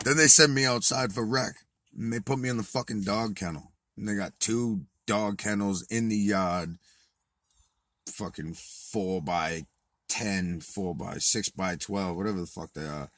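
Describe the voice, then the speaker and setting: A man casually telling a profane story to camera, swinging from low muttering to loud outbursts. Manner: profane, animated retelling, swings from muttered to shouted. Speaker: vlogger.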